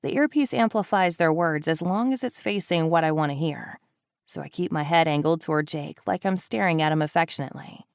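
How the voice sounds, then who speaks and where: A woman narrating a first-person thriller audiobook, with wry, deadpan asides. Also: deep voice, brisk, smooth, no echo, clean studio sound.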